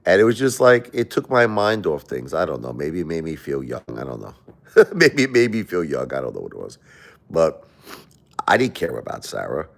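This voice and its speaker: A man's voice: a bass voice, sing-song, normal speed, gravelly. A middle-aged man hosting a livestream, talking in a rambling, repetitive, confessional way and often repeating himself. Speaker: livestream host. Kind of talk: emotional livestream monologue.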